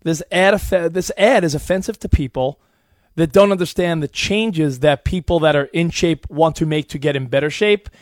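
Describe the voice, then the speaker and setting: A man's voice: fairly high pitch, normal speed, no echo, clean studio sound. A man in casual chat, earnestly arguing his point.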